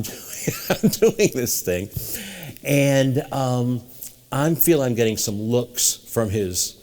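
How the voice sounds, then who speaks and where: A man from New England with a fairly low voice spins long, winding anecdotes as an interview guest. He jumps into other people's voices as he tells them. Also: darkish tone. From New England, USA. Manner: rambling anecdotal storyteller, acting out quoted voices. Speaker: guest mentalist. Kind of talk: storytelling interview.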